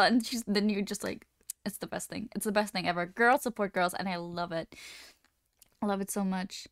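Chatty young woman streamer, smooth voice. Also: medium pitch, brisk, dry recording, studio quality. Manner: chatty, animated storytelling. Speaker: livestream host. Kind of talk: casual chat.

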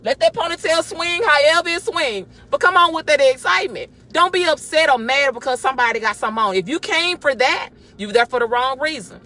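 A woman giving a lively, exhorting devotional while driving, recorded on a phone in her car. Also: high voice, brisk, hardly any pauses. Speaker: church member giving a devotional. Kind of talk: casual spoken devotional.

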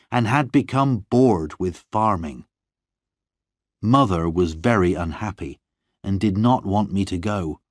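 A man reading a story aloud in the first person, calm and measured, on a close mic. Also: on the low side, no echo. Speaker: audiobook narrator.

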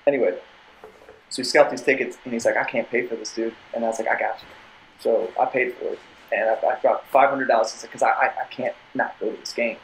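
A man's voice: mid-range voice, steady tone, fast, a little hiss or hum, low-quality recording. A young man, a podcast guest, telling a long casual story with many tangents and restarts. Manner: rambling, tangents, repeated restarts.

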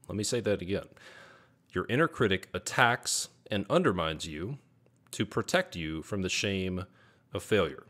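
Hosting a podcast monologue, this man speaks earnestly as a business coach in a low voice with a fairly bright tone. He repeats his key points and rattles off lists of negative self-talk.

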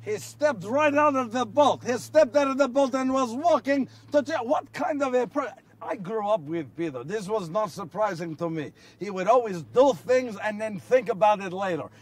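A man's voice: high voice, lively intonation, moderate pace, few pauses, far from the mic. A man playing Thomas, an earnest apostle. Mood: awed. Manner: storytelling, rhetorical questions to listeners, builds to shouts. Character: earnest male apostle recalling miracles to a crowd. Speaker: actor in a one-man biblical monologue. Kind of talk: first-person dramatic monologue. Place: outdoors on location.

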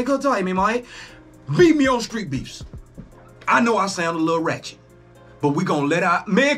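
A man hosting a reaction video, talking casually, excitable and profane, exclaiming often. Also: extremely high pitch.

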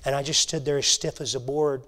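A man teaching a Bible lesson to a church class, earnest and halting, often restarting his sentences. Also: medium pitch, fairly even intonation, a bit bright. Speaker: Sunday school teacher.

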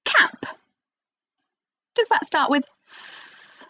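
A woman teaching young children a phonics lesson, speaking in an expressive sing-song teacher voice with little gasps of excitement. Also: mid-range voice, takes it slowly, pauses often, no room sound, poor audio. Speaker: primary school teacher.

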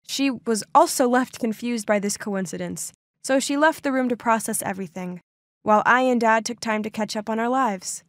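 A woman's voice: fairly high pitch, no room sound, clean studio sound. A young adult woman narrating a first-person story in a scripted, emotive, dramatic way.

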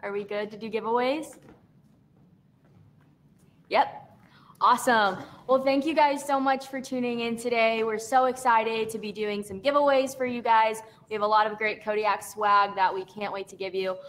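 A woman's voice: on the high side, steady tone, normal speed, a bit bright. Chatty young woman hosting a giveaway. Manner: friendly, chatty, listing prizes. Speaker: brand event host. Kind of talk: live stream giveaway hosting.

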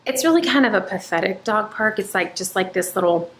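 A woman chatting casually to her vlog viewers, animated and storytelling. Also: medium pitch, fairly quick, slight background noise. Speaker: vlogger. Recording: echoey room.

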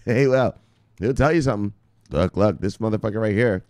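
A middle-aged man talking excitedly as a crypto news vlogger, cursing and shouting shout-outs to viewers. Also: lowish voice, fairly quick, no room sound, clean studio sound. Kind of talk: casual hyped-up commentary.

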